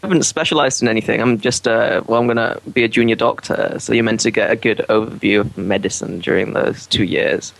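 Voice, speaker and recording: A man's voice: fairly low pitch, fairly even intonation, vocal fry, fairly bright tone, rough recording. A man from England, a newly qualified doctor, chatting casually and often restarting his words. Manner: halting, repeats words when starting. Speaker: junior doctor, podcast co-host. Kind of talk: casual chat.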